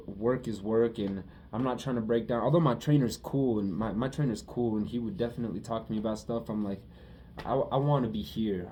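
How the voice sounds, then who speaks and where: A man's voice: lowish voice, warm tone, a little hiss or hum. A young man talking through a casual personal monologue, emotional and profane, often repeating himself. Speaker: vlogger.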